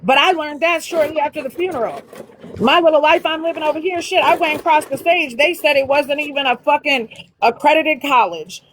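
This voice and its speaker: A woman's voice: high voice, a little fast, fairly bright tone, slight background noise, rough recording. A woman hosting a casual livestream, ranting bluntly with heavy profanity. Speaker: livestream host.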